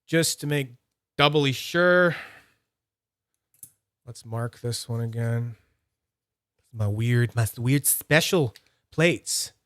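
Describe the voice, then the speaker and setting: A man talks his live chat through a hands-on tinkering demo, narrating each step as he works. His voice sits at an ordinary middle pitch. The sound is dry and close, with no room echo. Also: slow, pauses often, fairly bright tone. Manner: chatty, explains each step aloud. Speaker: fidget toy streamer.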